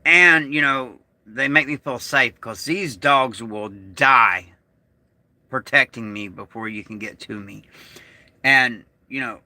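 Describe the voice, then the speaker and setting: A middle-aged American man speaks slowly and haltingly, pausing often and letting sentences trail off. He sounds upset, fighting to keep his anger down. His voice is bright and sharp, and the recording is dry with no room echo. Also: medium pitch. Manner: agitated, slow and halting, trailing off. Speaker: vlogger. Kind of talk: emotional vlog monologue.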